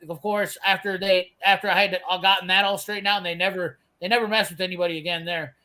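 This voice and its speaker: A man's voice: high-pitched, sharp tone, rough recording. A man, ranting profanely and bluntly as he tells a work story in casual chat. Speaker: host telling a work story.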